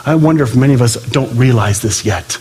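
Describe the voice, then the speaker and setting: This man, a pastor, gives a lively sermon where he acts out quoted speech and shifts from loud to quiet. He speaks fairly quickly in a mid-range, slightly rough voice.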